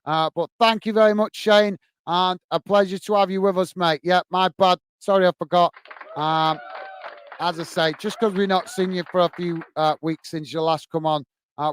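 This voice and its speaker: Chatty English host reading fan messages, fairly high, clean voice. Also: male voice, smooth, no echo. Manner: chatty, apologetic, says mate often. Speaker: host reading live chat. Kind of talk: casual live-stream chat.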